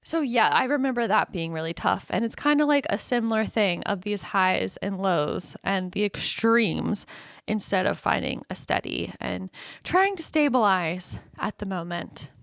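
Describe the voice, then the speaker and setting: A woman's voice: medium pitch, expressive, measured pace, vocal fry, fairly bright tone, no echo, studio quality. A woman hosting a podcast alone, talking candidly and casually with many fillers, and swinging into dramatic tones when she quotes her own thoughts. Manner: chatty, candid, self-deprecating with frequent fillers. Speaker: podcast host. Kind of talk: casual solo podcast monologue.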